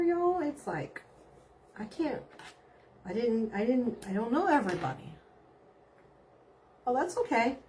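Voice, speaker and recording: A woman's voice: fairly high pitch, warm tone, a little hiss or hum. A middle-aged woman, chatting casually on a live stream and reading out viewer comments, bubbly and giggly. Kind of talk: casual chat.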